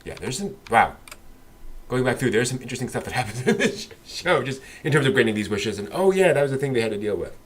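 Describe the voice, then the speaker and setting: A man's voice: medium pitch, big pitch swings, quick pace. A man co-hosting a casual anime discussion, rambling with many fillers and restarts. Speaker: podcast co-host.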